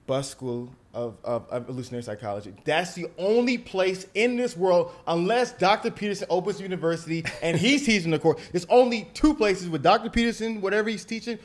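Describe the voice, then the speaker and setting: A young man hosting a podcast, talking in an animated, emphatic way and often repeating words as he builds up a point. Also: fairly high pitch. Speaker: podcast host. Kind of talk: casual podcast conversation.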